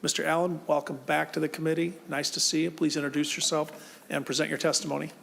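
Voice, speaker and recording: A man's voice: on the high side, little pitch movement, fast, creaky, fairly bright tone. A man chairing a legislative hearing, calling testifiers in a polite, procedural way. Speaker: committee chair.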